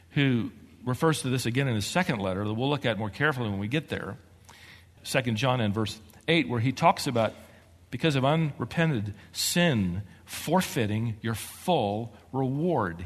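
A man preaching a sermon as pastor, moving between quiet, measured passages and excited, emphatic bursts. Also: medium pitch. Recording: long hall reverb.

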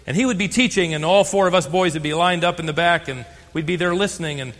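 Older American male pastor, sermon delivery, a bit high-pitched and very animated, long church reverb. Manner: emphatic, slows on key phrases.

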